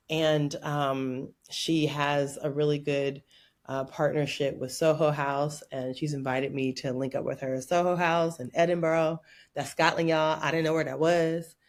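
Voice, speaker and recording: A woman from Oakland, California, a podcast guest telling stories in an animated, playful way and laughing often. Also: low-pitched. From Oakland, California, USA. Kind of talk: casual interview chat.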